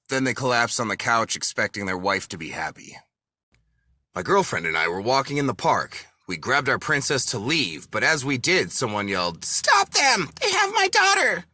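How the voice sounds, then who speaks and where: A man reading dark one-liner jokes, dropping deadpan into the punchlines. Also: mid-range voice, no room sound, clean studio sound. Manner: deadpan punchline delivery with lively swings. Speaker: comedy content creator.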